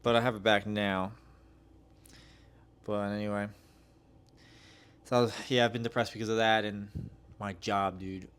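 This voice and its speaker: Rambling guy, lowish voice. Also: little pitch movement, normal speed, pauses often, fairly bright tone, clear, resonant tone. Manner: rambling, swearing, slangy storytelling. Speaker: podcast host. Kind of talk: casual solo podcast rant.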